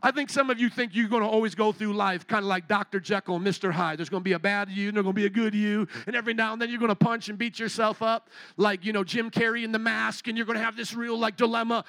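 A man's voice: high voice, flat delivery, fast talker, fairly bright tone, no room sound. A male pastor preaching a sermon from a stage with a handheld microphone, fervently firing rhetorical questions at the congregation. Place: stage in a large building.

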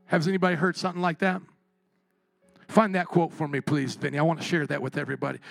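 A man preaching a sermon as pastor, impassioned, swinging from quiet and tender to shouting. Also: on the high side, little pitch movement, quick pace, vocal fry, dry recording, soft background music.

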